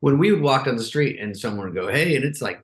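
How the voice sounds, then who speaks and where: A middle-aged man, a guest on a talk show, telling stories in a relaxed, chatty way and jumping into higher voices to act out what others said. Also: quick pace. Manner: animated, acts out quotes in raised voices. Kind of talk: casual interview storytelling.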